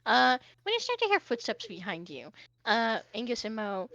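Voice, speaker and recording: High-voiced woman narrating a tabletop game. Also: wildly swooping pitch, normal speed, fairly bright tone, no room sound, lo-fi sound. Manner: casual with many fillers. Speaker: game master. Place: home streaming setup.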